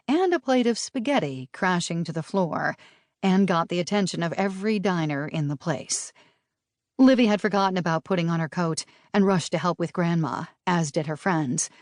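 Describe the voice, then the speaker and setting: A woman narrating an audiobook in a brisk, lively storytelling manner. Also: on the low side, dry recording, studio quality.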